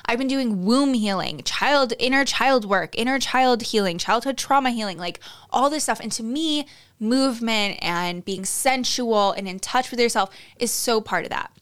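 A woman's voice: on the high side, normal speed, a bit bright, clear, resonant tone. A woman hosting a solo podcast, telling a story in a candid, chatty way. She swears freely, uses lots of "like" fillers, and talks straight to her listeners. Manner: confiding, addresses listeners directly. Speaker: podcast host.

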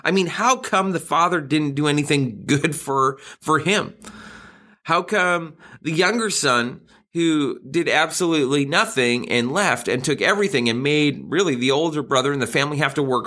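A man's voice: on the high side, expressive, normal speed, sharp tone. A middle-aged man giving a sermon in a conversational, self-deprecating way, with frequent restarts and light laughs. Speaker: pastor.

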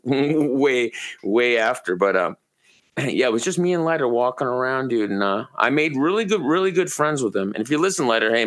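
A man from Maine co-hosting a podcast, telling long rambling, profane stories in a relaxed, casual way. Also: mid-range voice. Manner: profane, rambling, laid-back storyteller. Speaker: podcast co-host. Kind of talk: casual storytelling chat.

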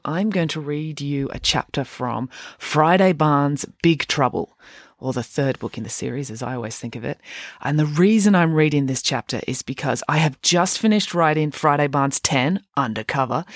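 A woman author hosting a bedtime story show, reading aloud in an expressive, animated way. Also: sits low, dry recording, clean studio sound. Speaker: author reading her own book.

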